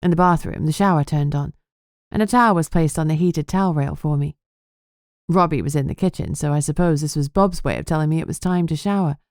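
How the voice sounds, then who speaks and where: A woman narrating a first-person audiobook in an earnest, steady manner. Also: low-pitched, a little fast, no echo, clean studio sound.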